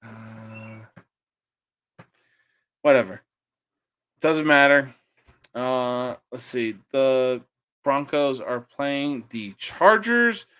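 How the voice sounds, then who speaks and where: A young man hosting a sports podcast, giving profane, opinionated game picks that burst into shouting rants. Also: medium pitch, lively intonation, drawn-out words, pauses often, clear, resonant tone.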